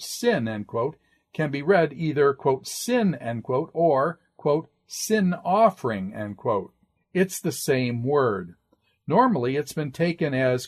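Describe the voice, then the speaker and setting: A man's voice: mid-range voice, darkish tone. An older man giving a classroom lecture, working methodically through sources and marking each quotation aloud. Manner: methodical, quotes sources with "quote" and "end quote".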